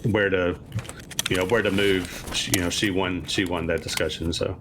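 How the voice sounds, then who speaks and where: A man from Kentucky playing along with a streamer, answering questions in a relaxed, hesitant way. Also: sits low, moderate pace, noisy background. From Kentucky, USA. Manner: relaxed, hesitant, many fillers and restarts. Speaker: guest player. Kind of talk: casual gaming chat.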